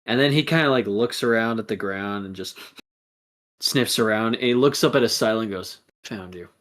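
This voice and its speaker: A man narrating a tabletop role-playing game as game master, casual and animated, with many fillers. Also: on the low side, fairly quick.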